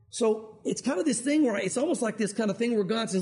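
A man's voice: very high voice, expressive, a little fast, darkish tone. A man preaching a sermon in a conversational way, firing rhetorical questions at his listeners. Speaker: pastor.

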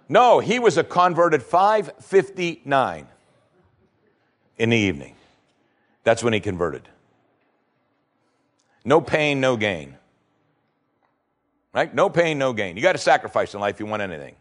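A male pastor preaching a sermon, reading scripture and pressing points with rising, emphatic questions. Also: medium pitch.

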